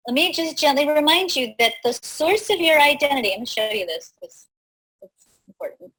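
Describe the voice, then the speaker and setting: A woman hosting a live talk, teaching in an animated way, laughing easily and often asking "right?". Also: high voice, moderate pace, low-quality recording. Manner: laughs easily mid-sentence. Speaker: host.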